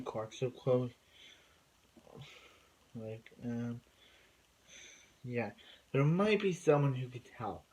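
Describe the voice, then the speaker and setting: A man's voice: mid-range voice, a little mellow, rough recording. A man casually recapping a TV episode, rambling and filling gaps with many fillers and restarts. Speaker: TV episode reviewer.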